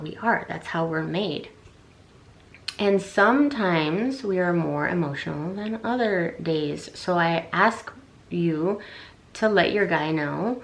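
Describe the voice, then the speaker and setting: Young woman rambling through relationship advice, kinda low gravelly voice, lots of ums. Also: a bit bright. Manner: chatty, rambling, many fillers and restarts. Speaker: relationship vlogger. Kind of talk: casual advice vlog.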